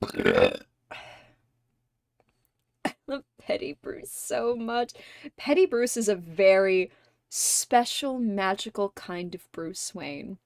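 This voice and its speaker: A woman hosting a casual livestream chat with viewers. She laughs constantly, swears freely and gushes like an excited fan. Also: mid-range voice, takes it slowly, gravelly, pauses often, dry recording, studio quality. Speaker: streamer host.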